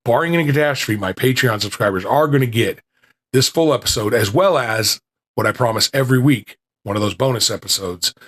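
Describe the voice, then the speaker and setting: A man's voice: medium pitch, fairly quick, a bit bright. A man hosting a small podcast, chatting casually with restarts, then reading an old lecture aloud, his voice still recovering. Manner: rambling and self-deprecating, with restarts.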